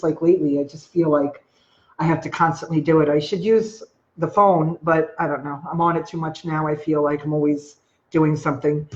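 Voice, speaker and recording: Rambly long island accent streamer just chatting w viewers, middle-pitched, kinda dull lo-fi sound. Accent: Long Island New York. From Long Island, New York. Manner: rambling, chatty, filler-heavy, greets viewers by name. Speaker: live-stream host on sales and marketing. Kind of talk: casual live-stream talk to viewers.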